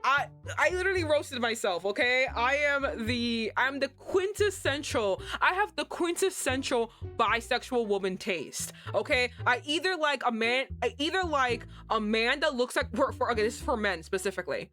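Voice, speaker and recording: A young woman streaming a story game, reading the text aloud and reacting in an excitable, self-mocking way with frequent laughs. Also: on the high side, moderate pace, few pauses, faint music behind.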